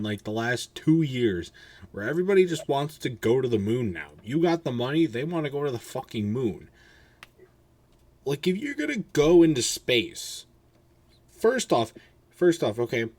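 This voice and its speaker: A man hosting a casual podcast, sounding tired and rambling, swearing freely and restarting his sentences. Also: mid-range voice. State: tired, yawning. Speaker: podcast host.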